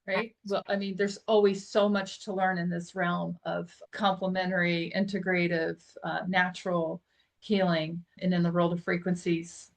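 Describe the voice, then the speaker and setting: Animated woman telling a story. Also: lowish voice, moderate pace, vocal fry. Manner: animated storyteller who laughs often. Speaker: guest. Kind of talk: casual storytelling interview.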